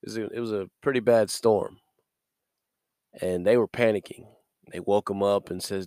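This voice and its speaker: Male devotional podcaster, a little stuffy from a cold, low-pitched, recorded dry and close. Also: fairly even intonation, moderate pace, pauses often, mellow, clean tone, no room sound. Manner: upbeat and preachy, laughs between points. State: recovering from a cold. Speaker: podcast host.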